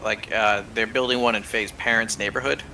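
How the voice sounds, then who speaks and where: A man chatting casually as a streamer co-host, telling lively stories and swearing freely. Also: fairly low pitch, fairly quick, distant mic, a little hiss or hum, low-quality recording. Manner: animated storyteller, swears freely. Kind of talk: casual chat while gaming.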